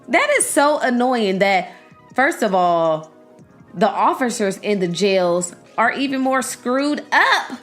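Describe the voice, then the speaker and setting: A young woman hosting a podcast, giving animated, outspoken commentary straight to her listeners. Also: a little high, slow pace, faint music behind. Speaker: podcast host. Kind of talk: casual commentary to her audience.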